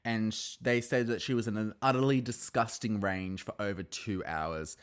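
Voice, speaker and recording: A man's voice: on the low side, normal speed, clean tone. A man hosting a podcast, recapping a reality show in casual chat, swearing, laughing and acting out the cast's quotes. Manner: chatty, animated, swears and laughs often, acts out quotes.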